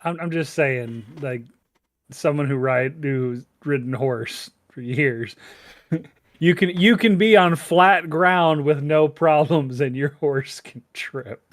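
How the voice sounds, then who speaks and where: A man's voice: fairly high pitch, slow pace, dry recording, studio quality. A man in casual chat who talks bluntly, stammering at the start of his points and swearing offhand.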